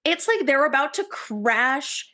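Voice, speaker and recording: A woman co-hosting a podcast, excitable in casual chat and laughing a lot. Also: high voice, unhurried. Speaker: podcast co-host.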